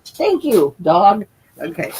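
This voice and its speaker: A woman's voice: medium pitch, big pitch swings, slow, darkish tone, a little hiss or hum, low-quality recording. A woman hosting a casual livestream chat from home, rambling, swearing and laughing a lot. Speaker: livestream host. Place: at home, seated.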